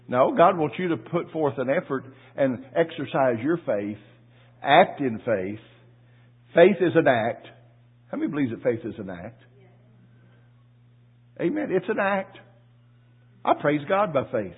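This sermon comes from a husky-voiced man with a slightly high pitch, a pastor who is very animated yet unhurried and pauses often. His folksy storytelling stumbles over repeated words and then builds toward loud praise, and the sound is narrow and thin, much like a phone recording.

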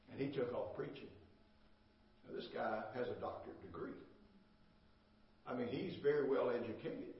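A man's voice: mid-range voice, normal speed, pauses often. An older man preaching a sermon as pastor, emphatic and repetitive, asking "amen?" as he goes. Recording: echoey, distant, dull church recording.

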